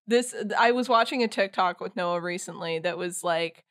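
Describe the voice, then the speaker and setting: A woman's voice: lowish voice, moderate pace, a bit bright. A young woman, a guest author, chatting casually on a podcast, laughing often.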